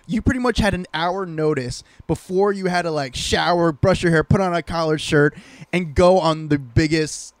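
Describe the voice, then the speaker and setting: A man with a slightly high voice co-hosts a podcast, recorded close and dry. He tells teasing stories in an animated, casual way. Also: normal speed, no room sound. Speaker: podcast co-host.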